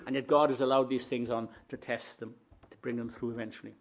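A preacher, a man, delivering a sermon, shifting between quiet reflective musing and loud rising proclamation. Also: mid-range voice, little pitch movement, quick pace.

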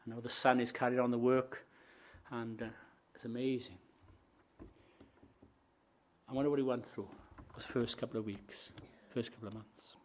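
A preacher, a man, delivering a sermon, shifting between quiet reflective musing and loud rising proclamation. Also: medium pitch, fairly even intonation, a little fast, long pauses, slight background noise.

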